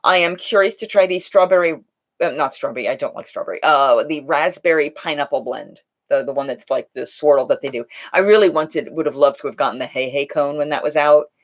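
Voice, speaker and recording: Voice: mid-range voice, brisk. Role: live-stream host. Type: chatty, rambling, thinks aloud while answering viewer questions. Mic: USB desk microphone. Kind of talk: casual live chat. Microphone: Logitech USB microphone.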